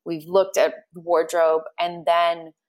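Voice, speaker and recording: A woman guest, an agency producer and filmmaker, talking in a lively way and laughing often on a podcast. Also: on the low side, slow pace. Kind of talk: casual podcast chat.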